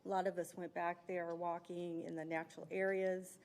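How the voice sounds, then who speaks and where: A woman giving a measured, slightly halting public comment at a county meeting podium, with occasional fillers. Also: on the low side, flat delivery, darkish tone, a little hiss or hum.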